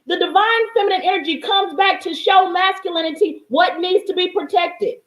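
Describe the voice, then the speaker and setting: High, emphatic woman giving blunt advice. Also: moderate pace, echoey room, low-quality recording. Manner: emphatic, profane, preachy. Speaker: motivational speaker. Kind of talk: blunt motivational talk.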